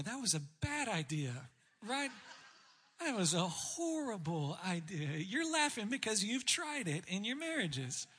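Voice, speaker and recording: A man's voice: high voice, big pitch swings, a little slow, sharp tone, slightly rough. A man preaching a sermon on marriage, candid and self-deprecating in a conversational way. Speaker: pastor speaking on marriage.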